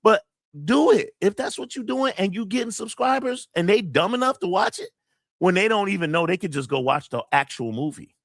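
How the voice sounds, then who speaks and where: A man's voice: a little high, fairly bright tone, dry recording, clean studio sound. A man hosting his channel, venting to camera in a blunt, profane, emotional way while near tears and reading out chat messages. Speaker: channel host. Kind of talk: casual livestream venting to camera.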